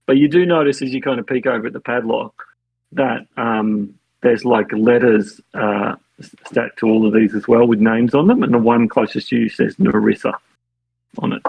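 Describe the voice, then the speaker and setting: A man narrating as game master, halting and full of fillers, often laughing. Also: medium pitch, steady tone, creaky, husky, dry recording, muffled recording.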